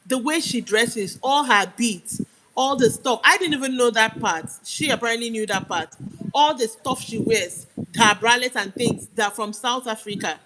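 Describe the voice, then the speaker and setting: A young Nigerian woman with a Nigerian accent rants heatedly on a live stream, arguing emphatically and hammering her points home. Her voice is a little high, with background noise.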